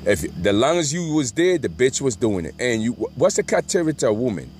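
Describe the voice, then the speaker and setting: A man's voice: medium pitch, big pitch swings, brisk, a little mellow, a little hiss or hum. A middle-aged man telling a rambling, profane story and often asking "right?". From Brooklyn, New York.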